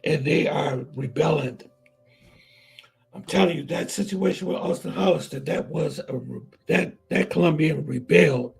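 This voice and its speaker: A man hosting a casual vlog livestream talks straight to his viewers and chat, repeating himself for emphasis. His voice is on the high side, gravelly, husky, and darkish in tone, at a moderate pace, in a low-quality recording.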